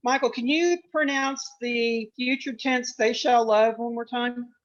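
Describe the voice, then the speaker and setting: A student politely asks the teacher to repeat a pronunciation and thanks him for clearing it up. The voice comes through dull and muffled, as if over a weak connection. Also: medium pitch, fairly even intonation, unhurried. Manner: polite, careful questioner. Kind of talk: classroom question.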